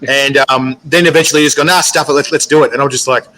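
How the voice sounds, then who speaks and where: A man's voice: on the high side, fairly even intonation, racing, bright, forceful tone, slight background noise, poor audio. A man hosting an interview, chatty and chummy, laughing often as he asks questions. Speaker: host. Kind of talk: casual interview chat.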